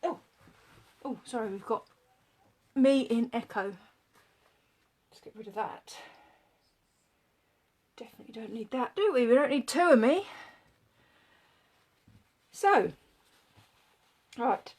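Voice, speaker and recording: Slow, chatty woman crafting live. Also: fairly high pitch, animated, darkish tone. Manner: chatty, thinks aloud while working; greets viewers by name. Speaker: papercraft demonstrator. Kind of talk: live-streamed craft tutorial.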